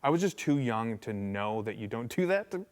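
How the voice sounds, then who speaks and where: A man's voice: mid-range voice, moderate pace. A man, a guest musician, telling stories in a casual interview, filling them with "like" and acting out the people in them. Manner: animated, acts out voices in anecdotes, many fillers.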